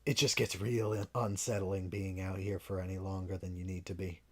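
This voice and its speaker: A man voicing a tense, wary man at a bar who talks in a hesitant, low, uneasy way. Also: little pitch movement, a little fast, a little mellow, husky.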